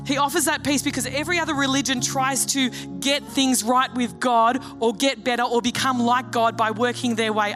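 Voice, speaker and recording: A woman's voice: high-pitched, fairly bright tone. A woman pastor preaching a sermon in an earnest, storytelling way. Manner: earnest, storytelling, acts out dialogue.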